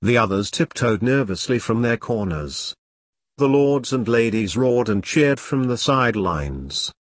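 A man narrating a dark comic story in a steady audiobook reading. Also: mid-range voice, measured pace, no room sound.

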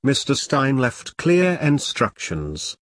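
A man's voice: mid-range voice, very animated, slow, a bit bright, no room sound. A man voicing a weary, formal male adjudicator who lays down rules with dry sarcasm in a story.

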